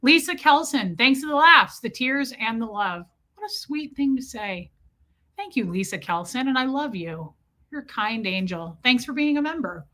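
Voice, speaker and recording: Woman, livestream host, bright voice, casual comic storytelling, frank and crude, greets chat by name. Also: on the high side, lively intonation, normal speed. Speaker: livestream host chatting with viewers.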